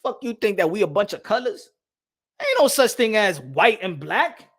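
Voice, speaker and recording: High-voiced man ranting heatedly. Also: big pitch swings, moderate pace, fairly bright tone, husky. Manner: heated, profane, repeats himself. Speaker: boxing channel host. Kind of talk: casual opinion rant to camera.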